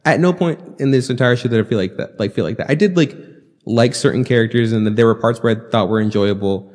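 A man's voice: on the low side, quick pace, darkish tone, long reverb tail. A man co-hosting a podcast, casually and loosely recapping an anime, swearing freely and acting out lines of dialogue. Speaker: podcast co-host.

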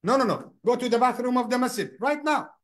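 An overzealous mosque brother fires off insistent orders at a newcomer, as a man acts him out. He is pushy and sure of himself, and his voice sits high for a man. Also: lively intonation, quick pace. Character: overzealous male mosque brother lecturing converts.

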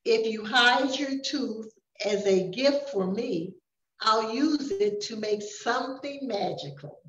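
Older woman reading as a gentle little fairy. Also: a little high, slow pace, recorded from a distance. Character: small gentle female fairy, shy and kind. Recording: roomy, dull recording.

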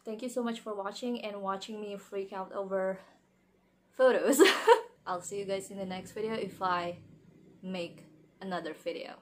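A young woman chatting casually through an unboxing vlog, very expressive and giggly, squealing with excitement. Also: medium pitch, normal speed. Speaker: vlogger unboxing wrestling merchandise.

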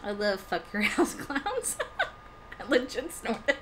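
A woman's voice: on the high side, big pitch swings, takes it slowly, fairly bright tone. A young woman streaming a game live, chatting casually to viewers, often laughing and swearing. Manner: laughs often, swears freely, talks to chat. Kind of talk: casual live-stream chat while gaming. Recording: faint background noise.

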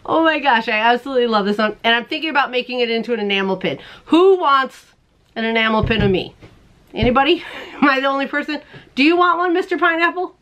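A woman hosting a crochet show, chatting casually to the camera in a bubbly way, laughing often and putting on silly squeaky voices. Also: fast talker, fairly bright tone. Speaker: crochet podcast host.

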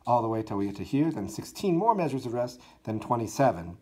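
A man's voice: medium pitch, big pitch swings, fairly quick, hardly any pauses, dark tone, slightly rough. A man teaching a school band part, counting aloud and singing the notes, with encouraging talk for his students. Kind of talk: instructional walkthrough for students.

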